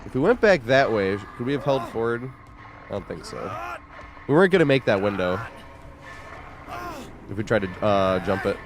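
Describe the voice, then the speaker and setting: A man's voice: lowish voice, big pitch swings, moderate pace, long pauses. A man streaming a video game, talking loosely and profanely with his viewers, his voice weak and congested from a cold. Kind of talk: casual livestream chat while gaming.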